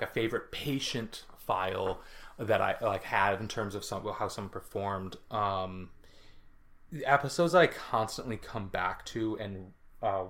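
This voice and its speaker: A man's voice: on the low side, a bit bright. A man co-hosting a podcast, chatting casually with many fillers and restarts. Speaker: podcast co-host and writer. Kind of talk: casual chat.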